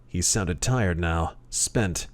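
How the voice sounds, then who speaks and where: A man narrating a hard-boiled pulp story in the first person, gruff and deadpan. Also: low-pitched, slow pace, dry recording. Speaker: audiobook narrator.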